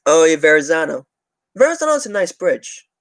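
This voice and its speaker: A young man, chatting on a livestream in a rambling way full of restarts and curse words. His voice sits fairly high for a man. The sound is close and dry. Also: sing-song, fairly quick, a bit bright, no echo. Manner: rambling, heavy swearing, restarts. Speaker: transit channel streamer. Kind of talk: casual livestream chat.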